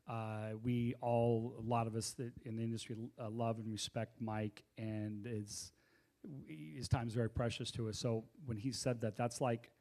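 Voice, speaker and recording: Male host, short interjections, keeps the conversation moving, mid pitch. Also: steady tone, moderate pace, a little mellow. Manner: steers conversation, brief interjections. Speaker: meetup host. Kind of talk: casual group discussion.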